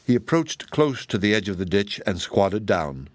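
A man reading a children's storybook aloud as a calm, measured audiobook narrator. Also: fairly low pitch, no echo. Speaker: audiobook reader.

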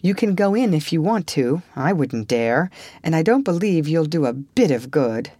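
Woman reading a bold young girl, indignant, lively pitch, dry sound. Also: moderate pace, slightly rough, no echo, full character voice. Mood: animated. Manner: animated, indignant.

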